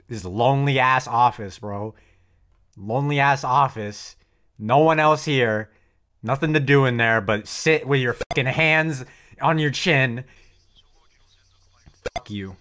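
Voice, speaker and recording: A man reacting to an anime episode with casual commentary, loud and cursing. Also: mid-range voice, takes it slowly, pauses often. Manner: heated, profane outbursts.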